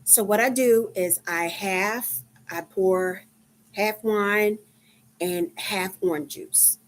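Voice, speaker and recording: Texan woman, fifties, live-stream host; slow, chatty delivery with frequent ums. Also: mid-range voice, fairly even intonation, slight background noise. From Dallas, Texas. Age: 50s. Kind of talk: casual live-stream chat.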